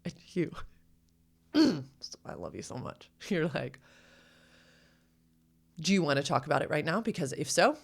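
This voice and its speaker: A woman's voice: deep voice, very animated, unhurried, gravelly, pauses often, slightly rough. A woman co-hosting a podcast, talking earnestly and reflectively in casual conversation, acting out her own quoted thoughts. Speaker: podcast co-host.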